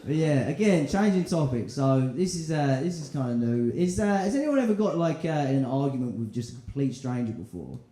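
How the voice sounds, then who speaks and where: On stage at a comedy club, a young comedian with a warm, mid-range voice talks briskly with big pitch swings and barely any pauses. His set is chatty and crude, loose with fillers and offhand in delivery, and the echoey room is filled with audience laughter.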